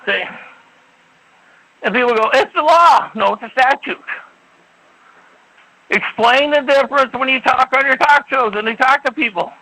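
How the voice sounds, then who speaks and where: A man's voice: very high-pitched, normal speed, long pauses, sharp tone, low-quality recording. A man hosting a call-in talk show, lecturing bluntly and preachily, swearing and leaning on "see" and "you know.". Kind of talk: call-in talk radio rant.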